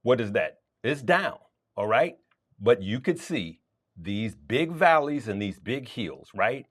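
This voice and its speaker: A man's voice: medium pitch, big pitch swings, slow. A male host walks viewers through stock charts. He is emphatic and hammers his points home by repeating them. His voice rises and falls over a wide range. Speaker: stock trading show host. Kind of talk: market commentary to viewers.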